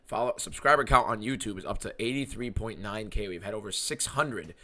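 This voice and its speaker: Excitable, foul-mouthed male streamer. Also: fairly low pitch, brisk. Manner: excitable, profane, rambling. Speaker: streamer host. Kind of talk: live fight watchalong commentary.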